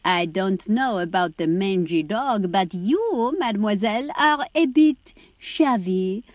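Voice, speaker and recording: A woman's voice: medium pitch, animated, a little slow, dry recording, clean studio sound, voice pushed down, close to an everyday voice. A woman voicing a vain, snobbish French aristocrat lady with a put-on French accent, in a comedy musical parody. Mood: condescending. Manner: sing-song, mocking, condescending.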